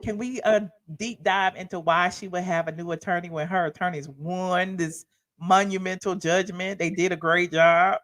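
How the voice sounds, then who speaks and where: A woman's voice: lowish voice, fairly even intonation, normal speed, fairly bright tone. A woman with a Southern accent hosts a live stream. She talks in a chatty, folksy way, calls people "honey", and breaks down legal papers for her viewers as she reads them out. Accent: Southern American. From American South. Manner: folksy, chatty, reads court filings aloud and explains them. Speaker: livestream host. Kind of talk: casual commentary on legal news.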